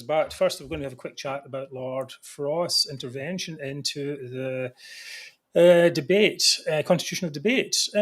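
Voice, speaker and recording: Man, host, political talk show, slightly high voice, hesitant, restarts. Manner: hesitant, many restarts and fillers. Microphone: livestream video call.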